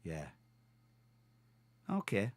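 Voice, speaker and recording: A man's voice: very slow, darkish tone, no echo. A man with a Geordie accent, hosting a live stream and chatting in a rambling, self-mocking way to his viewers. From North East England. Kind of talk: casual chat to viewers.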